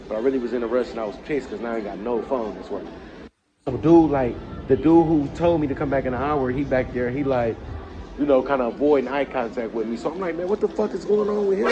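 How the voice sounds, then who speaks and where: A man vlogging a casual storytime rant, animated and swearing heavily, with loud angry outbursts. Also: medium pitch, fast, dull audio, music in the background.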